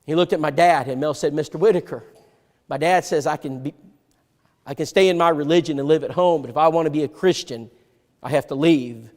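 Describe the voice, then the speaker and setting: A man preaching a sermon, telling a personal story and acting out the dialogue, swinging from loud to hushed. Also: fairly high pitch, brisk. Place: church sanctuary. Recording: long hall reverb.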